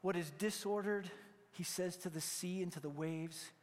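A male pastor preaching a sermon, swinging between loud emphatic peaks and hushed, near-whispered lines. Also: high voice, moderate pace, long reverb tail.

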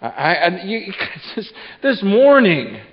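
A man in his thirties preaching a sermon, halting and repeating words, telling stories with lively acted-out asides. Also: sits high. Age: 30s. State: short on sleep. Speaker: pastor. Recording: dull sound with long hall reverb.

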